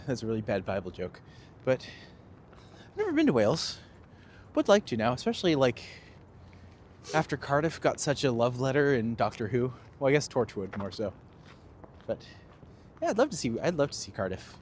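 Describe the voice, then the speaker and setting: A Canadian man and tour guide chatting casually while walking outdoors on a live stream, animated and self-deprecating, on a handheld phone with traffic noise behind. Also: mid-range voice, a little fast, long pauses. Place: outdoors on city streets.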